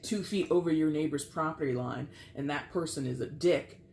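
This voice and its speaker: A tarot reader talks through a spread in a loose, casual way, swearing and slipping into acted-out bits. The voice sits in a middle pitch. It is recorded in a roomy space with a faint hum of background noise. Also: moderate pace, darkish tone. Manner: chatty, profane, acts out quotes.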